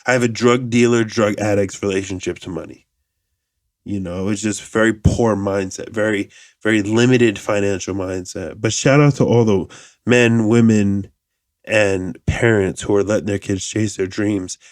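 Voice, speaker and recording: A man in his thirties hosting a podcast, talking in a casual, profane, rambling monologue with animated asides. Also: on the low side, moderate pace, dry recording, studio quality. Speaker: podcast host.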